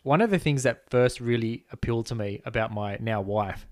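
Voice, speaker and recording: Relaxed male podcast co-host. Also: mid-range voice, brisk, dry recording. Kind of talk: casual chat.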